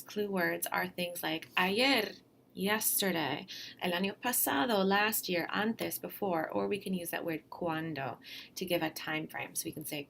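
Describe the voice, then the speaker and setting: A woman's voice: medium pitch, creaky, a bit bright, slight background noise. A woman teaching Spanish over a slide lesson in a chatty, encouraging, plain-spoken way.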